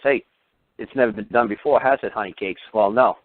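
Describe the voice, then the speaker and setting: A man's voice: mid-range voice, brisk, no echo. A man lecturing on a radio talk show in a combative, mocking and crude way. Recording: tinny phone-line radio audio.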